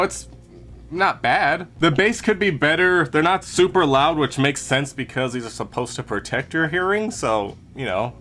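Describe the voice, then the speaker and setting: A man in a relaxed, chatty product review, narrating what he does as he goes. His voice sits at an ordinary middle pitch, and his talk is easygoing and conversational. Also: a little hiss or hum. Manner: chatty, talks through each step as he handles the product. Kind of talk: casual unboxing and review.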